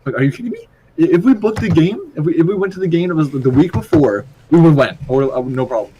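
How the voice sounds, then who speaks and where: A man's voice: a little high, lively intonation, fast, dark tone, highs cut off, a little hiss or hum. A young man co-hosting a casual podcast chat, laid-back, laughing often and swearing casually. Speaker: podcast co-host.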